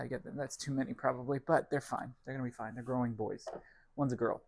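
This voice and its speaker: A man's voice: mid-range voice, steady tone, brisk, a little mellow, no room sound. A young man rambling casually to the camera and his cats while baking in his home kitchen, self-deprecating and wry. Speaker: vlog host. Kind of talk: casual cooking vlog chat.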